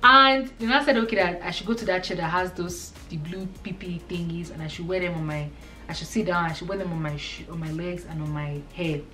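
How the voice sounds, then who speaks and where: Animated Nigerian woman telling a story. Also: fairly low pitch, a little fast, distant mic, over music. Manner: animated storytelling, acting out dialogue. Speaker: vlogger. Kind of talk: storytime vlog.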